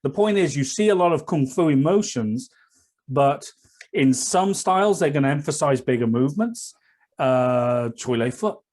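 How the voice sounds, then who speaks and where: A man's voice: on the high side, animated, moderate pace, a little mellow. A man co-hosting a casual podcast chat about martial arts, teasing his partner and rambling with many fillers. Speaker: podcast co-host.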